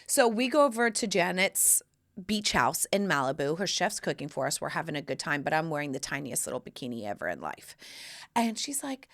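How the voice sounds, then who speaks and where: Chatty, animated woman podcast host. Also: lowish voice, brisk. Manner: animated, chatty storytelling with lots of fillers. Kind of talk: casual chat. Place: room of a home studio.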